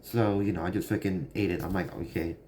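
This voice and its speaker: A man's voice: deep voice, fairly even intonation, fast, dark tone, slight background noise. A young man telling a story from his childhood in a casual, rambling way, full of fillers. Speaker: vlogger.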